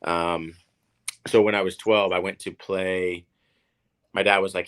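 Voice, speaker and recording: A man's voice: low-pitched, fairly even intonation, unhurried, pauses often, a bit bright, clear, resonant tone. A man in his thirties from Oklahoma, a professional tennis player telling stories in a casual interview, rambling and repeating words with many fillers. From Oklahoma, USA.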